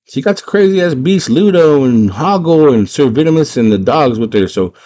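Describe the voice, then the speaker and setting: An urgent goblin sentry barking out an alert, high-pitched and loud, as a man puts on the voice. It comes out clipped and commanding, like a soldier calling others to arms. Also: animated, normal speed, lightly acted. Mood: alarmed. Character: shouting goblin raising an alarm.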